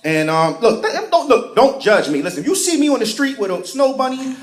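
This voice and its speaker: A man's voice: very high-pitched, very animated, a little fast. A male stand-up comedian, telling profane, sarcastic stories and putting on voices. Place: comedy stage before a live crowd. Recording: roomy live venue with crowd laughter.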